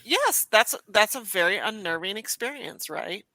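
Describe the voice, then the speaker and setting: A young adult woman chatting as a podcast guest and telling stories in a lively way, with lots of restarts and "you know.". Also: medium pitch, moderate pace, no echo, rough recording. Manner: animated storyteller, frequent restarts and "you know". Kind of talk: casual conversation.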